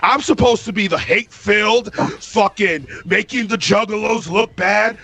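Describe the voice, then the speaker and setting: Profane, combative man with a high voice. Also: moderate pace. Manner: profane, combative, repeats himself, often shouting. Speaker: debate participant. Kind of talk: heated podcast argument over a call.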